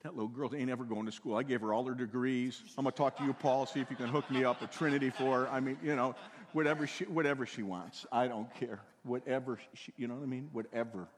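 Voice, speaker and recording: An older man preaching a sermon in a folksy way, repeating words and swinging from loud to hushed. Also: medium pitch, steady tone, fast, in a large hall. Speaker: pastor.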